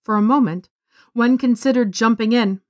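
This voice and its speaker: Lady narrating a story in a steady voice, a bit high, close dry mic. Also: moderate pace, no room sound. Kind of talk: scripted narration.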